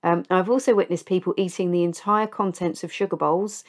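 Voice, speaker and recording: A woman's voice: lowish voice, steady tone, a little fast. A middle-aged woman hosting a podcast, confessing old misadventures in a casual, self-mocking way and laughing at her own stories. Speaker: podcast host.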